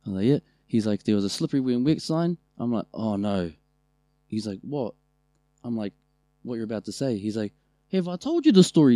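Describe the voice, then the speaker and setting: A man with a New Zealand accent, co-hosting a podcast and telling family stories in a loose, animated way, with a lot of swearing. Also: mid-range voice, dry recording. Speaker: podcast co-host. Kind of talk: casual storytelling chat.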